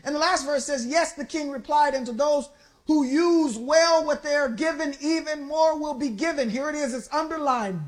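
A woman preaching a sermon in an emphatic call-and-response style, building up to shouts. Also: high voice, normal speed.

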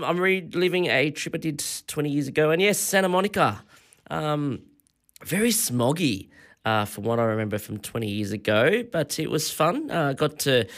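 Australian male radio host, 40s, middle pitch, chatty rambling storyteller. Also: a bit bright. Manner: rambling, chuckling storyteller with many fillers. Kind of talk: casual radio chat.

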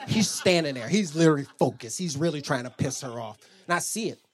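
A man doing a stand-up comedy set, animated and profane, jumping into high squeaky voices when he quotes people. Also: fast talker. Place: comedy club stage. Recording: roomy club sound with a laughing crowd.

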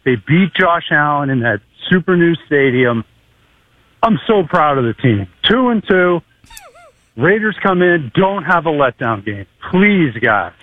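Man, radio caller, excited fan, tinny phone line, dry sound, slightly high voice. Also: no echo. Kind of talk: call-in chat.

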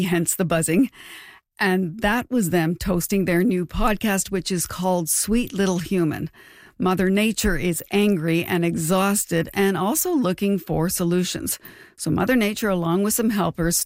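A woman hosting an interview podcast, presenting in a clear, conversational way. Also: lowish voice, no room sound, studio quality. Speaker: podcast host.

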